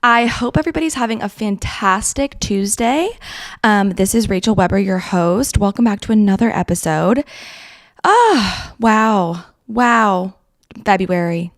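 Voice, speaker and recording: A young woman chats through her solo podcast in a loose, self-mocking way and laughs often. Her pitch sits mid-range for a woman. The recording is dry and close, with no room echo. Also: moderate pace. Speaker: podcast host. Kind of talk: casual solo podcast chat.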